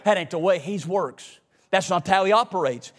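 A man preaching to his congregation in a notably high voice. His delivery rolls in a sing-song cadence, rising to shouts and dropping to hushed asides. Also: moderate pace. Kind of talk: sermon.

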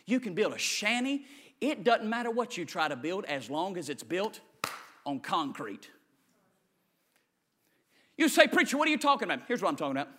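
High bright-voiced shouting preacher man. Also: very animated, moderate pace, long pauses. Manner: preaching, swings from loud shouting to low quiet asides. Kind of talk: energetic sermon.

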